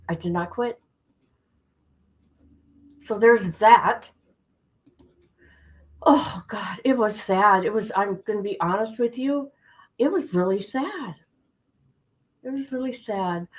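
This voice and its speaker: A woman's voice: medium pitch, low-quality recording. Middle-aged lady on a livestream, chatty, keeps saying things twice, talks right to the viewers. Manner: chatty, talks straight to viewers, repeats for emphasis. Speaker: livestream host. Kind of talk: casual chat with stream viewers.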